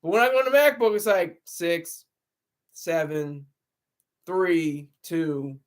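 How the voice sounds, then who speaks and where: A man's voice: a little high, slow. A man hosting a casual livestream, rambling, laughing often and answering his chat through a laptop mic. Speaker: livestream host. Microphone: laptop camera mic.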